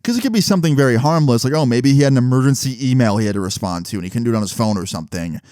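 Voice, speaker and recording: A young man casually telling a personal story to his viewers, animated and swearing often, with frequent rhetorical asides. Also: medium pitch, very fast, no echo, clean studio sound. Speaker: storytelling vlogger.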